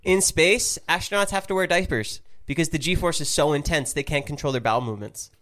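A man's voice: on the high side, a little fast, a bit bright. A young man co-hosting a casual podcast, asking prompting questions and cracking jokes. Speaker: podcast co-host.

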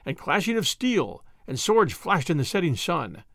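A man reading a classic adventure story aloud in an expressive storytelling manner. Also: on the high side, normal speed, gravelly, no room sound, studio quality. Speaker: narrator. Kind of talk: audiobook narration.

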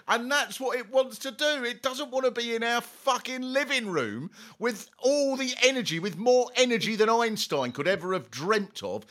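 Bright, lively comic host. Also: male voice, high voice. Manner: lively, wild comic ranting. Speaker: podcast host, comedian. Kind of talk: comic podcast storytelling.

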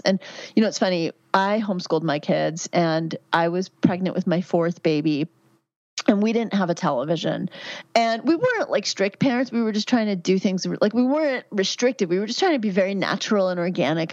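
A candid woman in her fifties speaks in a lowish voice, giving advice in a chatty way full of "um" and "you know". The recording sounds dull and lo-fi, with a dry close sound. She talks like a physician on a podcast. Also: dry recording. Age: 50s. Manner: candid, chatty, warm advice with frequent fillers. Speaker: physician guest. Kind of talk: podcast interview answers.

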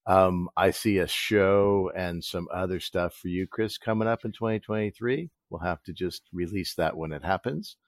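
A man's voice: sits low, normal speed, few pauses, no echo, clean studio sound. A man co-hosting a podcast, speaking in a supportive, earnest way. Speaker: podcast co-host. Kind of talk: casual chat.

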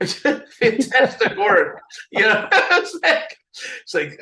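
An older man telling a story in a casual interview, animated, acting out the people he quotes and laughing often. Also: high voice, takes it slowly, rough recording. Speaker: album cover artist telling a story.

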